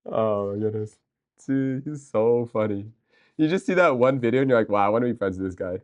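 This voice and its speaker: A man livestreaming, chatting casually and excitably with viewers, rambling with restarts and answering chat. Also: lowish voice, fairly quick, dull audio.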